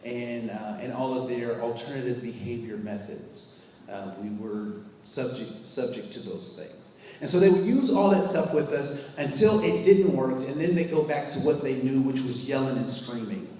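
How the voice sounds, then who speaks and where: A man's voice: mid-range voice, normal speed, dark tone. A man leading a workplace training session, telling stories to a live group and asking them questions. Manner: storytelling, asks the audience questions, acts out scenes. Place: training room with a live audience. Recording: echoey hall, mic far off.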